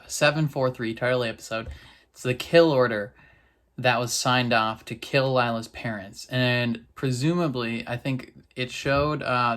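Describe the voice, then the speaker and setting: A man casually recapping and reacting to a TV episode, talking in a loose, rambling, excitable way. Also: mid-range voice.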